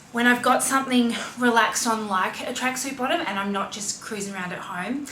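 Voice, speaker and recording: A woman's voice: medium pitch, a bit bright, a little hiss or hum. Aussie mum in her 30s chatting about her life, heartfelt, lots of ums, echoey room, mic kinda far. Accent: Australian. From Australia. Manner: heartfelt, chatty, with many fillers. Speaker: fashion vlogger and mom. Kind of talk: casual confessional chat. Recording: roomy echo, distant mic, faint ambience.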